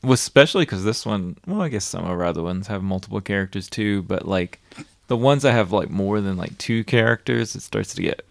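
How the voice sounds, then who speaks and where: A woman's voice: very deep voice, lively intonation, brisk, creaky, dry recording. A woman co-hosting a podcast, chatting in a laid-back, rambling way and reading out listener thanks. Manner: laid-back, rambling, reads shout-outs. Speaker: podcast co-host. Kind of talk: casual chat.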